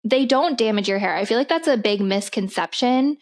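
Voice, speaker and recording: A woman's voice: fairly high pitch, a little fast. A young adult woman co-hosting a casual podcast, chatty and giggly as she reads out listener submissions. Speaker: podcast co-host. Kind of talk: casual chat.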